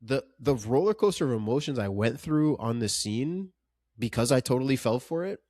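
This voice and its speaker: A man's voice: medium pitch, animated, normal speed, darkish tone, dry recording, studio quality. Earnest man co-hosting a film podcast. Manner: earnest and emphatic, stumbles over repeated words. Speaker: podcast co-host. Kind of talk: casual film review chat.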